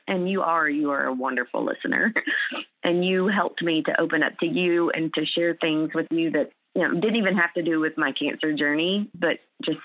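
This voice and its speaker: A woman's voice: low voice, moderate pace, no echo. A woman, a cancer survivor being interviewed, speaking earnestly and emotionally with many fillers and restarts. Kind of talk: heartfelt conversational interview. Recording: tinny phone-like line.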